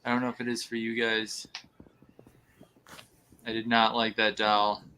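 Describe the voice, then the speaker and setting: A man's voice: fairly low pitch, little pitch movement, unhurried, heavy background noise. A man co-hosting a podcast, making offhand, brief remarks in casual chat. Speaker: podcast co-host.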